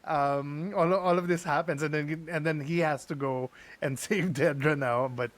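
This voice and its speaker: A man co-hosting a podcast, talking in a halting way with laughs between phrases. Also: fairly high pitch, steady tone, dry recording. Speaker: podcast co-host. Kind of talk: casual chat.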